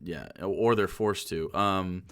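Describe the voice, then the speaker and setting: A man in casual podcast chat, relaxed and musing, often chiming in with short agreements. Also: low-pitched, slow, clear, resonant tone. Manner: laid-back, chimes in with short agreements and musings.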